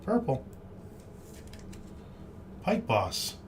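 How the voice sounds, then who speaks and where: A man's voice: medium pitch, huge pitch swings, extremely slow, a little hiss or hum. A man hosting a live card break stream, reading out each card with upbeat, cheerful exclamations.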